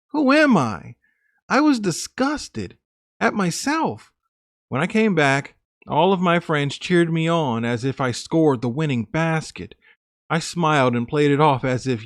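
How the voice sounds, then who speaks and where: A man with a fairly high voice reads a woman's confessional story aloud in the first person. His delivery is earnest and plain, like a scripted narration, and the sound is close and dry. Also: no room sound.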